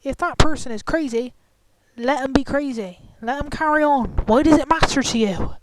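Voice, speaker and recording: A woman with a high-sitting voice rants at a moderate pace in an angry, profane, confrontational vlog commentary. The screen-recorder audio is clicky, glitchy and noisy.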